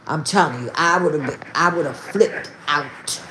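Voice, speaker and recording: An older woman vlogger talks casually and straight to her viewers, emphatic and repeating herself. Her voice is low and sharp-toned at a moderate pace, with a slight hiss or hum in the recording.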